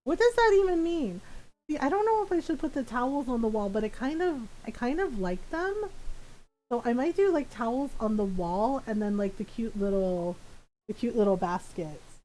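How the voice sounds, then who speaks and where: Woman streamer, chatty and rambling, laughs a lot, fairly high voice. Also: expressive, normal speed, warm tone, rough recording. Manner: many restarts and fillers. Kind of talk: casual chat while gaming.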